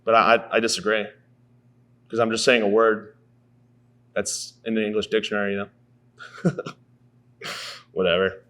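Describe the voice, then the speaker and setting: A man's voice: lowish voice, little pitch movement, unhurried, pauses often, a bit bright. A man in his thirties delivering a rambling, profane, self-mocking comedy monologue as a podcast host. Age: 30s.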